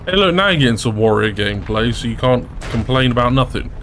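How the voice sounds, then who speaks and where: A man giving excitable, chatty live commentary over his own gameplay and often breaking into laughter. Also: mid-range voice, quick pace, a little hiss or hum. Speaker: gaming YouTuber.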